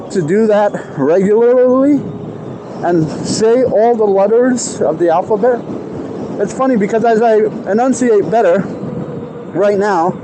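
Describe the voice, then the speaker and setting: A man vlogging casually outdoors on a city street with a clip-on mic, deliberately trying to enunciate every word. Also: high voice, noisy background. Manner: self-aware, trying hard to enunciate. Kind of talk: casual self-talk vlog.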